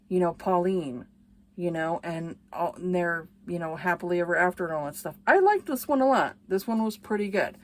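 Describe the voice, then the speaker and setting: A woman chatting casually in a book review video, lively and full of fillers, acting out lines from scenes she describes. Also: fairly low pitch. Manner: chatty and animated, acts out quoted lines, many fillers.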